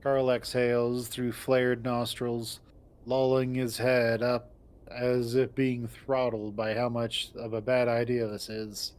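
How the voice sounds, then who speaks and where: Dude narrating a visual novel first person, dry wry asides, middle pitch. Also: male voice, completely flat delivery, slow pace, a little mellow, clear, resonant tone. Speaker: narrator and lead voice actor.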